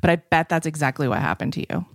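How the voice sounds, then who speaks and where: A woman's voice: deep voice, animated, quick pace, gravelly, dry recording, clean studio sound. A woman in her forties in casual conversation, telling a story with lots of "like" fillers and acted-out quotes. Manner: chatty, many "like" fillers, acts out quoted speech.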